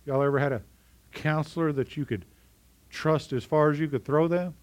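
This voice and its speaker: A man's voice: on the high side, moderate pace. A middle-aged man preaching a sermon in a conversational way, often asking his congregation questions. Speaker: pastor.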